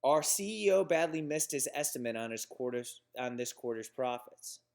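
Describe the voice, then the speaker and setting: A man's voice: medium pitch, fairly even intonation, moderate pace, creaky, darkish tone. A male instructor giving a recorded lecture on business writing. He explains examples plainly, with restarts and fillers.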